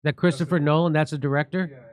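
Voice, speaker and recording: A man's voice: a little high, fairly even intonation, fast, no room sound. A man with a Chicago accent, a comedian hosting a show, telling rambling self-mocking stories in casual banter. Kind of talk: casual live-stream banter.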